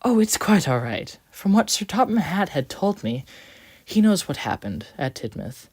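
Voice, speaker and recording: A storyteller voicing a kind, polite male steam engine who speaks calmly and gently, with a little rambling. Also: mid-range voice, moderate pace, breathy edge, no room sound, voice pushed up. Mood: gentle. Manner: soft-spoken, warm, slightly rambling.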